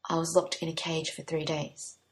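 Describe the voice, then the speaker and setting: A captive young warlock talks back, sullen and close to tears, as a woman reader voices him. The voice is somewhat low. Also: monotone, moderate pace, natural voice. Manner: tearful, sullen.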